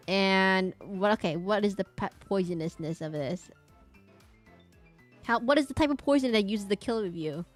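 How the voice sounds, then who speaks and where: Woman, casual stream chat, self-interrupting, drifts into quiet muttering, faint music in background. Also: mid-range voice. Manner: rambling and self-interrupting, often laughing; drops to quiet muttering while drawing. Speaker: VTuber streamer.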